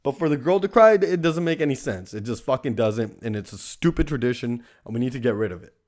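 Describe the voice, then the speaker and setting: A young man with a middle-pitched voice rants through a casual monologue. He swears constantly and leans on "like" as a filler, with a loose, profane delivery. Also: lively intonation, fast, a little mellow. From Canada. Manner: profane ranting, heavy use of "like". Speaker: podcast host.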